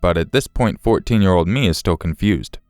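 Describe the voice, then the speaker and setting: Male narrator for scripted horror stories, very deep, smooth and dry, measured delivery. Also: a little mellow, dry recording, soft background music. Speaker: story narrator.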